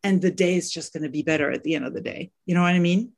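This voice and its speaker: A middle-aged woman from France, a parenting coach with a French accent, talks very fast in a fairly low voice during a podcast interview. Earnest in manner, she tends to repeat words as she searches for her thought.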